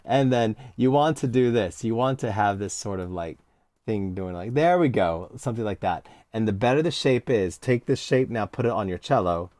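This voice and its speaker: A man's voice: on the low side, lively intonation, normal speed, a little mellow, no room sound. An American man teaching cello in a live online lesson, encouraging and hands-on as he counts out cues.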